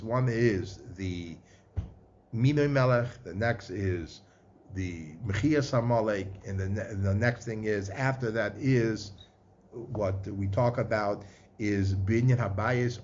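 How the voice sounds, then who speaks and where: A man's voice: medium pitch, a little mellow. A man in giving a Torah lecture, chanting verses and weaving Hebrew terms into his talk. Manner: mixes Hebrew and Yiddish-inflected terms into English, chanting verses. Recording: slightly muffled with faint background noise.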